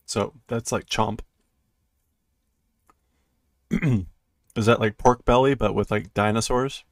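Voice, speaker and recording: A man reads a comic aloud in a relaxed, unhurried way, stopping to translate lines and act out the sound effects with playful noises. His voice has a gravelly texture, and the recording is dry and close. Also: on the low side, no echo. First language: English. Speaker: streamer reading manga aloud. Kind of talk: casual read-through with translation.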